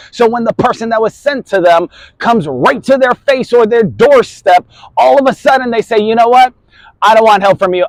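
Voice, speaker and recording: A man's voice: a little high, no room sound, poor audio. A man hosting a motivational talk, stressing key words with volume and often saying "so on and so forth". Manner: keeps repeating "so on and so forth". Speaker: host.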